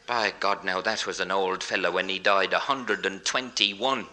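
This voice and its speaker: A man with an Australian accent telling jokes in a chatty, quick live stage comedy routine. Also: low voice, steady tone, bright, forceful tone, a little hiss or hum. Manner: quick, chatty joke-telling with broad comic asides. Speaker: entertainer. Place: live theatre show.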